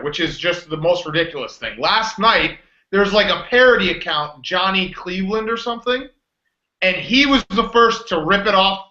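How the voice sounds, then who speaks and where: A man's voice: sits high, bright, forceful tone, reverberant, lo-fi sound. A man co-hosting a casual blog show, arguing and telling stories with exasperation. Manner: argumentative, exasperated storytelling. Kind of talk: casual sports-blog banter.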